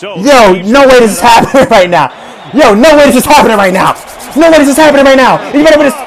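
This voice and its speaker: A man giving an excited live reaction to football highlights, slangy and repetitive, swinging between nervous mutters and hyped yelling. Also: fast, some chatter behind. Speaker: fan reacting to game highlights.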